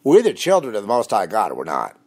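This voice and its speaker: A man hosting a rambling, combative monologue, dropping low and quiet when he confides. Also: huge pitch swings, quick pace. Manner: rambling and combative, mocking laughs. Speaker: host. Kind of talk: spoken monologue on religion and conspiracy.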